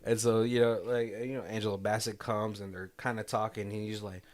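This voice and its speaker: A man with a fairly low voice chats loosely through a movie recap, laughing often as he goes. He slips into quick impressions of the characters while he tells the story. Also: little pitch movement, a little mellow. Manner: laughs often, retells scenes in quoted voices. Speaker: podcast co-host. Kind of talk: casual movie commentary chat.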